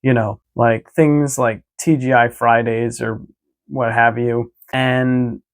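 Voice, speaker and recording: A man with a gravelly, fry-edged voice talks through his day in a casual vlog. He is easygoing and chatty, and he rambles, leaning on filler words and starting sentences over. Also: mid-range voice, flat delivery, slow. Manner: rambling, full of "like" and "uh" fillers and restarts. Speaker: vlogger.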